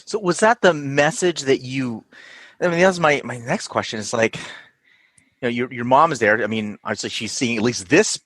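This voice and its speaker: A man's voice: medium pitch, moderate pace, a bit bright, dry recording. A man hosting a podcast and asking thoughtful, probing questions. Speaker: podcast host. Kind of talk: interview questions.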